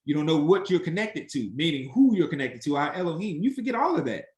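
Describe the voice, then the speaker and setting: A man teaching an interactive Bible study, animated and emphatic, acting out the voices he quotes. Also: on the high side, quick pace, echoey room.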